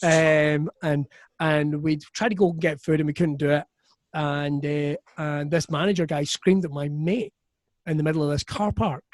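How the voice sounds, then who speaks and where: A Scottish man, a comedian guest, telling stories in a profane, animated way on a podcast. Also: a little high, normal speed, dry recording. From Scotland. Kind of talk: casual storytelling chat.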